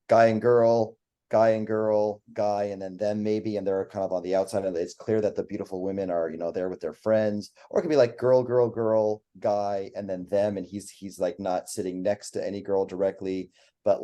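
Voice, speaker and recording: Male podcast guest, deep mellow voice, rambling and profane. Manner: rambling, profane, list-heavy talk. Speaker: guest, online dating coach. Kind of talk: casual podcast chat.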